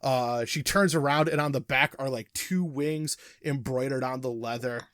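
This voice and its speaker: A man's voice: medium pitch, moderate pace, fairly bright tone, no echo. A man narrating as game master of a tabletop wrestling game, hesitant and full of fillers.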